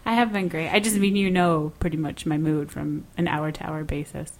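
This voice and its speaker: A woman co-hosting a podcast in casual chat, chatty and bubbly with quick laughs. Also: low voice, steady tone. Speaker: podcast co-host. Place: home in Nashville.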